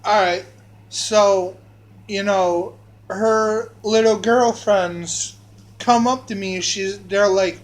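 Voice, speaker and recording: A man's voice: sits high, fairly even intonation, slow, rough recording. A man telling a crude personal story on a vlog, rambling and meandering with many fillers and restarts.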